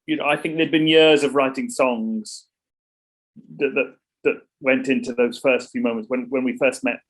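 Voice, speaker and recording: A man's voice: mid-range voice, fairly even intonation, moderate pace, rough recording. A middle-aged man, a songwriter talking casually in an interview, rambling with many restarts and repeats. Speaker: songwriter guest.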